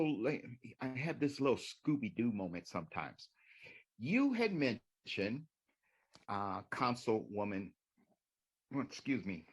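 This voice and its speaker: A man making a sarcastic, needling public comment at a city council meeting. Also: mid-range voice.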